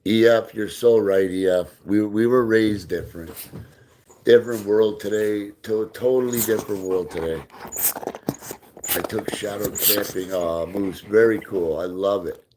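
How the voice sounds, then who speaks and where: A man with a somewhat low voice hosts a casual live stream and chats easily with his viewers. He reads out their comments and answers them. Between comments he throws a ball for his dog and drops into soft baby talk with it. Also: fairly even intonation, unhurried, slight background noise. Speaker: livestream host.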